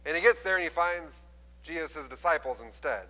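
A man preaching a sermon as a pastor, telling the story with animated delivery and acting out the quoted voices. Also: fairly high pitch, brisk, big-room sound, poor audio.

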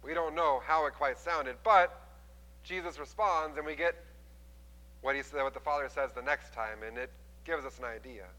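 A man preaching a sermon, retelling a scripture story with lively voices for the people in it. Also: medium pitch, normal speed, big-room sound, rough recording. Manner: animated storytelling, acting out quoted voices. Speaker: pastor.

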